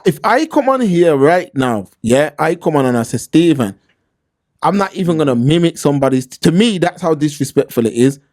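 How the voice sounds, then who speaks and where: A man's voice: a little high, sing-song, fairly quick, hardly any pauses, a little mellow, no room sound, clean studio sound. A man co-hosting a casual talk show, telling stories animatedly and acting out the voices he quotes. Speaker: podcast co-host. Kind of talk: casual discussion.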